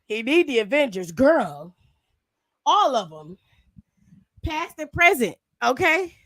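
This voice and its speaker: Brief: woman from Cleveland, high voice, sassy and profane wrestling recap host, dry close sound. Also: slow pace, dry recording. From Cleveland, USA. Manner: sassy, profane, animated storytelling. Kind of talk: casual commentary.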